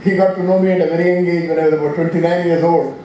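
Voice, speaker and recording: A man's voice: on the high side, fairly even intonation, very fast, warm tone, recorded from a distance, slight background noise. Elderly Indian man in an echoey hall. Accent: Indian English. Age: 80s. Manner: rambling, anecdotal, frequent restarts and self-corrections. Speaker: scientist giving an inaugural address. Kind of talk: informal speech. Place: large lecture hall.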